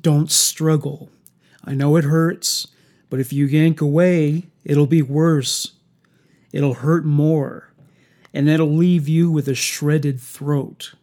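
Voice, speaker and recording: A man playing a coldly calm killer. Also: fairly high pitch, takes it slowly. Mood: menacing. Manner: soft-spoken, coldly menacing. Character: calm, mocking male killer.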